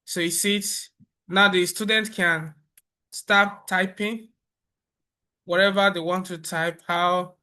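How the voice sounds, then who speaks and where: A man presenting a software tutorial over a screen recording, explaining step by step in a relaxed way with fillers and restarts. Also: sits high, takes it slowly, long pauses, clear, resonant tone.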